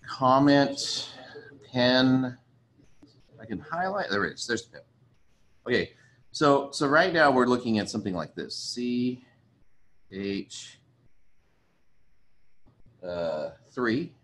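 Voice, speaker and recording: A man's voice: medium pitch, expressive, slow pace, pauses often, a bit bright. A man teaching a chemistry lesson in a casual, chatty way, thinking aloud and apologizing as he writes. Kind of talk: casual recorded lecture.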